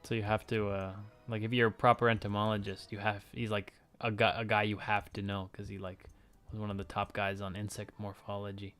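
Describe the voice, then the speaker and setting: A man's voice: lowish voice, level tone, brisk, hardly any pauses, fairly bright tone. A young man from Ontario, Canada, streaming and chatting casually with viewers, rambling and joking as he answers questions. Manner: rambling, self-interrupting, joking with chat. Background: faint music.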